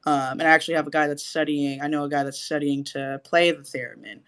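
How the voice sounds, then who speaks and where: A woman co-hosting a podcast in casual chat, animated and cursing, acting out her own reactions. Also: low voice, fast, clear, resonant tone. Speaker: podcast co-host.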